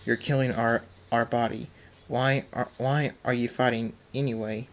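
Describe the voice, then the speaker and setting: A man's voice: medium pitch, fairly even intonation, close to an everyday voice. A man reading as a male pony hero with hidden rage. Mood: earnest. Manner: plain reading voice, slow.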